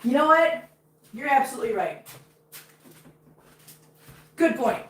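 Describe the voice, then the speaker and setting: Chatty woman on a home livestream, kinda high voice, emotional and rambly, echoey room. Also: expressive, a little slow. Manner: chatty and emotional, anxious about her cat. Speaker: cat-owning live streamer. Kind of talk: casual livestream chat. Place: home with many cats.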